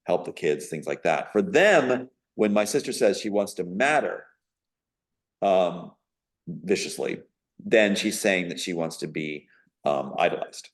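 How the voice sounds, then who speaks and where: A man's voice: deep voice, animated, measured pace. A man being interviewed as a guest, giving a long, rambling personal account in an emphatic, indignant tone with frequent fillers.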